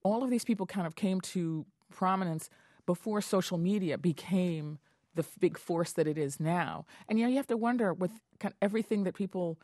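A woman hosting an interview, chatty and quick to laugh as she questions her guest. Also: on the low side, warm tone, dry recording, studio quality. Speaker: radio interview host.

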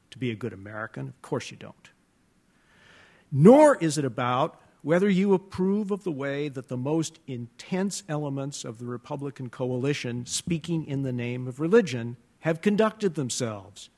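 Male debater, formal and deliberate, stops often on "uh" between phrases. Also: medium pitch, a little mellow. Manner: deliberate, formal, with frequent pauses and "uh" fillers. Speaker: debate speaker. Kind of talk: opening debate statement.

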